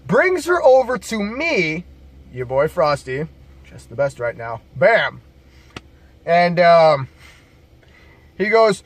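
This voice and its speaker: A man's voice: fairly high pitch, sing-song, takes it slowly, long pauses, dry recording. A man casually telling bar stories to camera as a bouncer, laid-back, profane and jokey.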